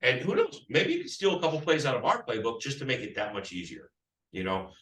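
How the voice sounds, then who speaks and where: Very animated and quick, a man with a mid-range, slightly bright voice leads a live real estate sales training. He demonstrates phone scripts by playing both parties, seller included, rambling and restarting along the way. An echoey room and a far-off mic shape the sound.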